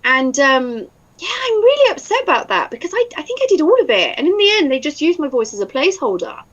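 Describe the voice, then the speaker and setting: A woman's voice: high-pitched, sing-song, fast, a bit bright, lo-fi sound. An English woman in casual chat, talkative and laughing often, now and then swearing. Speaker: voice actor guest.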